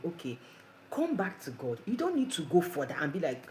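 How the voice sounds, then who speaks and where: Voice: mid-range voice, wildly swooping pitch, a little fast, a little mellow, low-quality recording. Preacher, earnest devotional chat, asks the listener stuff, slight hiss. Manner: earnest, conversational, rhetorical questions. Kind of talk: devotional talk.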